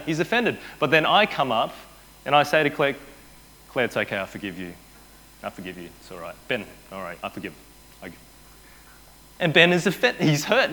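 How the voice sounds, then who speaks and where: A man preaching a sermon as pastor, telling the story with energy and dropping to a hushed voice for quoted lines. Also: a little high. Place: church.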